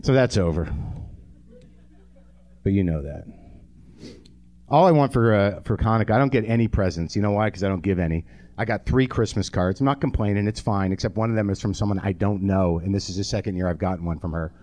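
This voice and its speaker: A man's voice: on the low side, a little fast, a little mellow. Ranting, profane man doing stand-up. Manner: ranting, profane, self-deprecating; talks straight to the audience. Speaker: comedy show host. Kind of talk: stand-up monologue. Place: theater stage at a live show.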